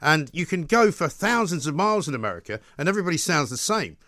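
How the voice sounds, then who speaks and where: Wry radio host with a Southeast English accent, dry studio sound. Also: male voice, fairly high pitch, very animated, fast talker, bright, forceful tone, dry recording. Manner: wry, opinionated, conversational. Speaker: radio talk show host. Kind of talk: talk radio hosting.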